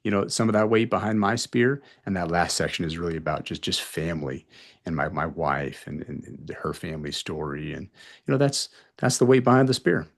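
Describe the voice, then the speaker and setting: A man in his forties, an emergency physician guest on a podcast, telling blunt and animated stories and acting out the exchanges. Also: sits low, brisk, vocal fry. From North Carolina. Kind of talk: podcast interview storytelling.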